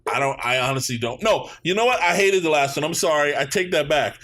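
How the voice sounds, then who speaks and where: A man's voice: fairly high pitch, expressive, fairly quick, a bit bright. A man from Canada hosting a podcast, swearing freely and rambling through his opinions in casual chat. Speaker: podcast host.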